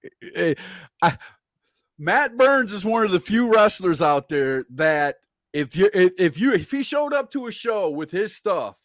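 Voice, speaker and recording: A man hosts a casual interview with a high, lively voice that leaps around in pitch. He banters and laughs easily. The sound is dry and close. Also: unhurried, dry recording. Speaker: interview host reading viewer questions.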